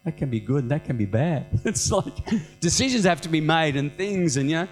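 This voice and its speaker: A middle-aged man preaching a sermon as senior pastor, animated and conversational, with humorous self-mocking asides. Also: on the high side, normal speed, soft background music, rough recording.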